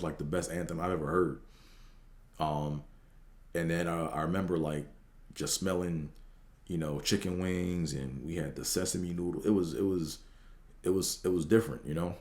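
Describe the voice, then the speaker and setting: A man's voice: deep voice, darkish tone, roomy sound. A middle-aged man from the DC area, hosting a podcast and telling a rambling, profane story full of fillers and restarts. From Washington DC area. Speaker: podcast host. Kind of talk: casual storytelling monologue.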